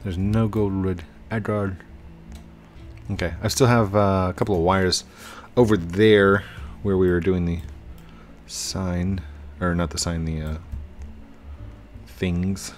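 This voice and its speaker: Male gaming YouTuber, deep unhurried voice, casual running commentary, goofy pleading, faint music behind. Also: steady tone. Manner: chatty, laughs often, goofy pleading bursts.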